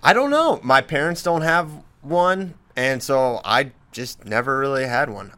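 A man's voice: medium pitch, expressive, a little slow, sharp tone, smooth. A man hosting a casual podcast, reading listener questions and teasing his co-host with frequent laughs. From Southern US.

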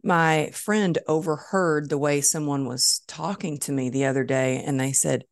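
A woman's voice: low-pitched, fairly even intonation, measured pace, dry recording, clean studio sound. A middle-aged woman hosting a podcast interview, candidly sharing personal stories and asking questions. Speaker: podcast host. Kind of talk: conversational interview.

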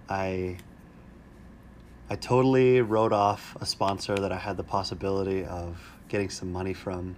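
A man hosting a comedic podcast, telling jokes with a deadpan, mock-sad delivery. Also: deep voice, moderate pace, a little hiss or hum. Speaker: podcast host. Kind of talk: casual comedic podcast chat.

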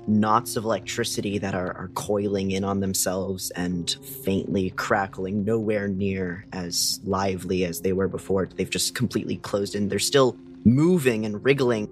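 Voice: deep voice, steady tone, normal speed, few pauses, faint music behind. A tabletop player describing a scene in a rambling way, full of fillers. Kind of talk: casual tabletop play.

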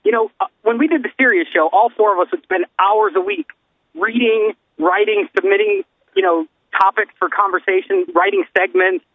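A man's voice: high-pitched, big pitch swings, normal speed, gravelly, narrow, tinny audio. A man co-hosting a podcast, talking in a casual, earnest, rambling way. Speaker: podcast co-host. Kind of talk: casual chat.

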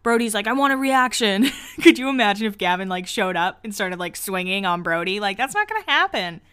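A woman's voice: medium pitch, animated, brisk, a bit bright, clean tone. A woman hosting a podcast, recapping a show in a casual, chatty way with lots of 'like'. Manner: chatty, heavy use of 'like', laughs often. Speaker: podcast host.

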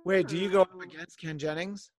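A man's voice: high-pitched, fairly even intonation, a little fast. A man hosting a podcast, wrapping up a casual chat and rambling with many ums and uhs. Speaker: podcast host.

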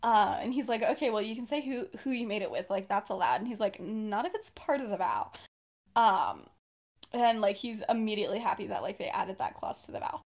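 A woman's voice: mid-range voice, lively intonation, brisk. A young woman co-hosting a podcast, casually retelling her fan-fiction story with many fillers and frequent laughs. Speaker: podcast co-host.

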